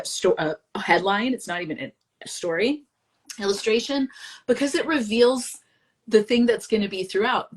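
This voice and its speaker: A woman co-hosting a casual live-stream discussion, thinking out loud in a reflective, hedging way. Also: mid-range voice, slightly rough. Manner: reflective, talks her thoughts through with hedges. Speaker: co-host.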